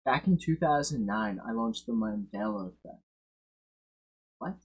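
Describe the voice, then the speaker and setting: A man streaming and reacting casually, swearing and breaking into loud excited bursts. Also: on the low side, a little slow, husky, lo-fi sound.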